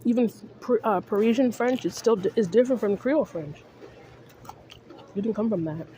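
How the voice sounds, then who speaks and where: A woman's voice: mid-range voice, moderate pace, mellow, a little hiss or hum. A woman from Canada with a Canadian accent with Jamaican undertones, ranting casually to camera in a rambling way while snacking on chips. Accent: Canadian English with Jamaican undertones. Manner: rambling, repeats "I'm just saying", many fillers.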